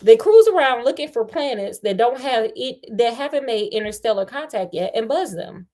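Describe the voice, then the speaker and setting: A woman's voice: a little high, normal speed. A woman reading a novel aloud, breaking off now and then for slangy asides to her listeners. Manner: breaks off to talk back to the story with slangy commentary; lively, expressive delivery, stumbles and restarts. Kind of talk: casual read-aloud with chatty asides.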